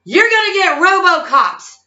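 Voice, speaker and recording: Woman, 50s, vlogger monologue; emphatic, lively pitch, echoey lo-fi recording. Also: a little slow. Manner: emphatic, keeps tagging lines with okay? and all right?. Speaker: psychic-medium vlogger. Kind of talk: casual monologue rant. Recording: roomy, dull lo-fi sound.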